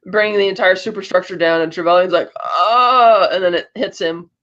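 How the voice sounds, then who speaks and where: A woman's voice: lowish voice, fairly even intonation, fast, highs cut off. A woman co-hosting a podcast, retelling a film plot in a rambling, chatty way. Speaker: podcast co-host. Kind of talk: casual chat recapping a film plot.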